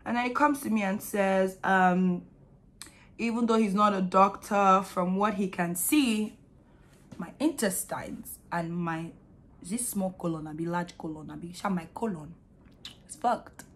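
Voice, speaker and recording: An expressive young woman with a Nigerian accent, chatting straight to camera in a storytime vlog. Her voice sits at a middle pitch and she tells the story in an animated, candid way, with blunt slang. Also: unhurried. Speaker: vlogger.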